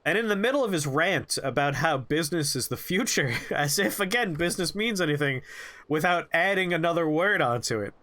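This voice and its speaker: A man's voice: on the high side, lively intonation, a little fast, sharp tone. A young man streaming a game who tells a rambling, jokey story with lots of animation. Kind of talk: storytelling while playing a game.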